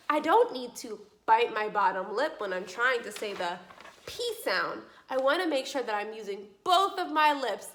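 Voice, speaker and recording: A young adult woman giving a children's speech lesson, speaking slowly and clearly with encouraging questions. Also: sits high. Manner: slow, clearly articulated, encouraging teacher talk with lively questions. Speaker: speech therapy teacher.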